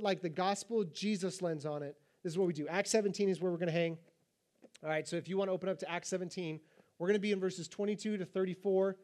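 A man in his thirties preaches to his congregation in a high, light voice. He jokes with the front rows and moves between animated asides and hushed, measured scripture reading. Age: 30s. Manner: animated and playful, reads scripture low and quiet. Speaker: pastor. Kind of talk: sermon. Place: church hall with a congregation.

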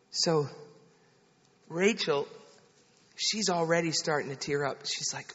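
A man in his thirties preaching a sermon, an animated storyteller who tells a family story and then builds to an impassioned appeal. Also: a little high, measured pace, long pauses, breathy edge. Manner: animated storyteller, soft-spoken quoted lines, builds to shouting. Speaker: pastor. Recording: dull sound with long hall reverb.

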